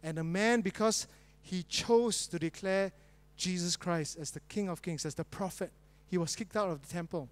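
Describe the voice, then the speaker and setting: A male pastor preaching a sermon with pauses and rising emphasis. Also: sits high. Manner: reads a spoonerism fairy tale as a joke, then preaches with pauses and rising emphasis.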